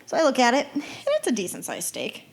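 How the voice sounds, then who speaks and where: A woman's voice: a little high, wildly swooping pitch, fast talker, vocal fry, background noise. A woman co-hosting a podcast in casual chat, bantering and teasing her co-hosts. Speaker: podcast co-host.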